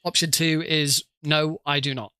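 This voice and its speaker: A male streamer gives casual commentary on his own gameplay. His voice sits a little high and sounds bright. He jokes about his mistakes and laughs easily. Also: fairly even intonation, a little slow, clean tone, no echo. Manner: chatty, self-mocking, laughs often.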